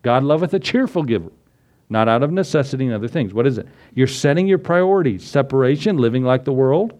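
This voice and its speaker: A man's voice: medium pitch, animated, fast, darkish tone. Folksy preaching pastor, man. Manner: folksy, conversational preaching with asides and chuckles. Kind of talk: sermon.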